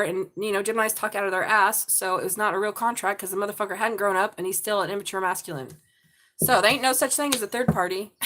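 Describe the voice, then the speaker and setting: Middle-aged woman tarot reader on a live stream, blunt, foul-mouthed and jokey, mid-pitched voice. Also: fairly bright tone. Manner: blunt, profane and jokey, laughing often.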